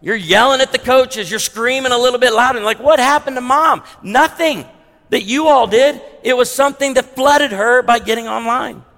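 A man preaches a sermon in a high, bright voice. He swings from hushed, slowed emphasis to loud, punchy lines like a pastor working a congregation. His voice rings out with the long reverb of a large hall. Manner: animated, shifts between hushed emphasis and loud punchy delivery.

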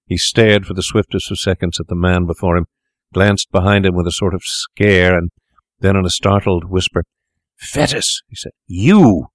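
A man reading a classic story aloud in a measured, deliberate way. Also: sits low, little pitch movement, no echo, clean studio sound. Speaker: narrator.

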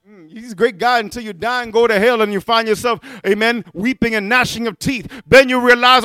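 A man preaching a fiery sermon, stopping often to ask "amen?" and shouting his key words. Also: very high-pitched, fairly even intonation, a little fast, hardly any pauses, smooth, dry recording.

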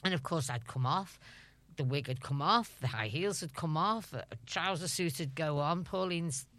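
A woman's voice: sits low, moderate pace, fairly bright tone, no room sound. A middle-aged woman with a Liverpool Scouse accent, a guest chatting casually and laughing as she tells stories. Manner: chatty storyteller, laughing often. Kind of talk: casual interview chat.

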